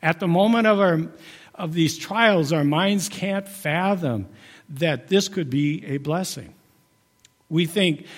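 A man's voice: a little high, slow pace, long reverb tail. A middle-aged man giving a folksy, conversational sermon. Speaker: preacher.

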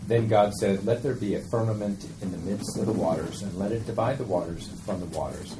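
A man in a Bible class reading a scripture passage aloud in a plain, steady way. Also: fairly low pitch, a little fast, roomy sound. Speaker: class member. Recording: distant voice with room noise.

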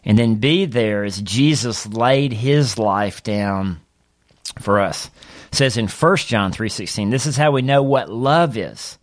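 A man, a pastor, teaching a Bible study on a podcast and reading scripture in an earnest, steady way. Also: lowish voice, slow pace.

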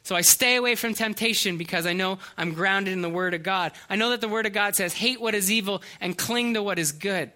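A middle-aged man preaching a sermon in a high, very bright voice. He tells stories earnestly and sometimes stops and restarts a sentence. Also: brisk, hardly any pauses. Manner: earnest storytelling preacher, slight hesitations and restarts. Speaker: pastor.

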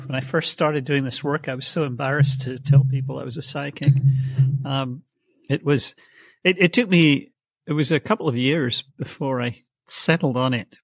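A man's voice: a little high, a bit bright, no echo. A middle-aged man guesting as a psychic, telling his story in a hesitant way, with many fillers, restarts and wry chuckles. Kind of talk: conversational storytelling.

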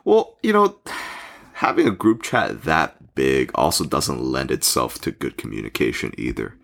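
Very deep, gravelly man chatting. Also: big pitch swings, normal speed, a bit bright. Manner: laid-back, lots of murmured agreement. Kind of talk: casual chat.

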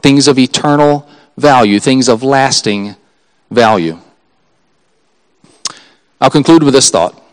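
A man's voice: medium pitch, slow, pauses often, clear, resonant tone, rough recording. A pastor preaching a sermon to his congregation in a church, talking earnestly and conversationally, with chuckling asides and appeals that build in emphasis. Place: church sanctuary before a congregation.

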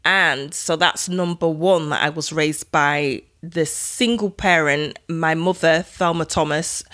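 Chatty woman, lowish voice. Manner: chatty, self-deprecating, laughs at herself. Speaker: podcast host. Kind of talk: casual personal podcast monologue.

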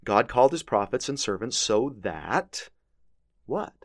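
A man's voice: mid-range voice, big pitch swings, a little slow, no room sound, clean studio sound. A man teaching a scripture lesson, reading verses aloud with earnest emphasis. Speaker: religious teacher.

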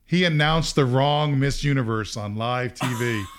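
Middle-aged male podcast host, mid-pitched, lively storyteller who laughs a lot. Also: measured pace. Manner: animated, laughs often, acts out quotes. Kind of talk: casual storytelling.

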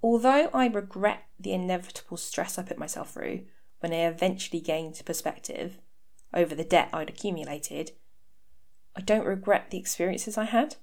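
A woman's voice: medium pitch, darkish tone. Frank self-mocking woman in her thirties. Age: 30s. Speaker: podcast host. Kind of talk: candid personal podcast talk. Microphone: home podcast mic.

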